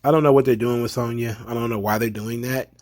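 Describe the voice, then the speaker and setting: Man, casual wrestling recap, opinionated, chatty, mid-pitched voice. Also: fast. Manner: chatty, opinionated, slips into animated impressions of fans. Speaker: wrestling show reviewer.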